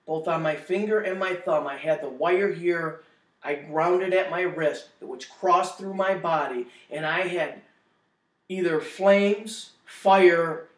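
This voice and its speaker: Earnest man giving a slow testimony. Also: on the high side, reverberant, distant mic. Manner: earnest, emotional storytelling. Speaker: testimony speaker. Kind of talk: personal testimony.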